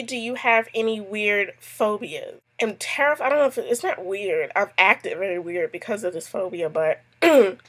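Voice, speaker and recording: A woman's voice: mid-range voice, fairly bright tone. A woman, a mother, chatting casually to camera as she answers a tag, telling stories with lots of asides. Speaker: YouTube vlogger answering a tag.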